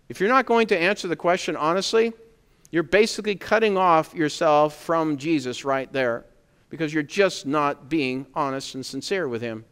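A man preaching a sermon in a conversational, emphatic way, pressing points with loud stresses. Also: a little high, smooth, big-room sound.

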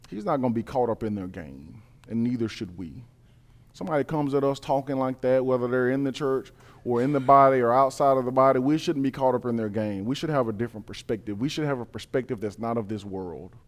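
A man preaching a sermon, reading scripture and building to emphatic, repeated points. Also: brisk. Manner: builds from calm reading to loud, high-pitched emphatic preaching.

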